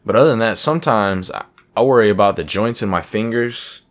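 Young guy, low voice, swearing a lot and rambling on his podcast. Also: brisk. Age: young adult. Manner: rambling, profane, self-deprecating. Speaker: podcast host. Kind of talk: casual solo podcast chat.

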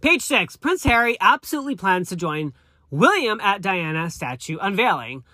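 A man's voice: high-pitched, very animated, normal speed, pushed and bright, dry recording, clean studio sound. A man in his thirties hosting a solo pop culture gossip podcast, reading news stories aloud with campy, gushing asides and frequent self-corrections. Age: 30s. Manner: campy and gushing, calls listeners honey. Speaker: podcast host.

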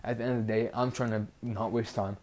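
Flat-voiced teenage boy ranting. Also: on the low side, fairly quick. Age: teens. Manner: rambling, heavy use of "like", frustrated and blunt. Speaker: podcast host. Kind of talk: casual solo podcast rant.

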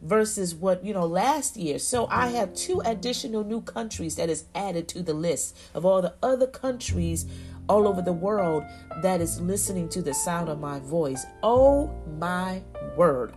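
A woman hosting a faith podcast, talking effusively and exclaiming often, with frequent "you know" and "y'all". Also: fairly low pitch. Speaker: podcast host.

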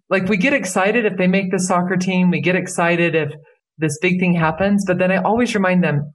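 A woman's voice: fairly low pitch, steady tone, fairly quick. A woman who works as a life coach, speaking earnestly as a podcast interview guest and repeating key phrases for emphasis.

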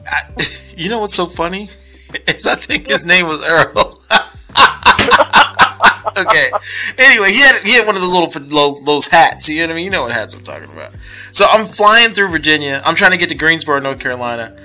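Man, young adult, bright tone, slightly high voice, casual storytelling, acts out voices, faint music. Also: normal speed. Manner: animated storyteller, laughs often, acts out voices.

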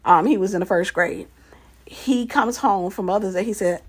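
A woman's voice: mid-range voice, normal speed, husky. A woman casually telling a personal story, animatedly acting out the quoted dialogue and repeating phrases for emphasis.

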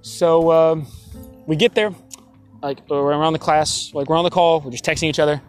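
A young man with a slightly high voice tells a long story in a loose, chatty way, packed with fillers, restarts and quick laughs. Faint music plays quietly behind him. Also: fairly even intonation. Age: young adult. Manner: rambling and chatty, many fillers and self-corrections, laughs often. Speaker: college student telling a story. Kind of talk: casual anecdotal storytelling.

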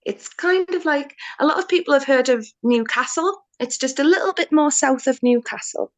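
A woman's voice: high voice, expressive, moderate pace, no room sound. A young woman, a bubbly, effusive interview guest who says "like" a lot. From Northeast England. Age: young adult. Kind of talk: casual interview.

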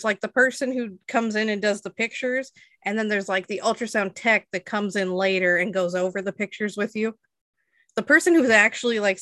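Casting note: twenties woman, bright and dry, chatty storyteller who laughs a lot. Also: mid-range voice, no echo. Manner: chatty storytelling, laughs often, many fillers. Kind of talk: casual chat.

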